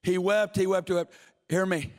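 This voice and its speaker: Fervent high-voiced male preacher. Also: steady tone, moderate pace. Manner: fervent, repeats phrases for emphasis. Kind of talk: sermon. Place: church sanctuary.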